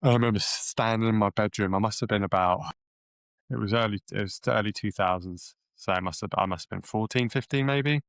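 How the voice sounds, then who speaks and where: A man co-hosting a podcast, telling a story in rambling, animated casual chat with many restarts. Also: on the low side, a little fast, dry recording. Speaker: podcast co-host.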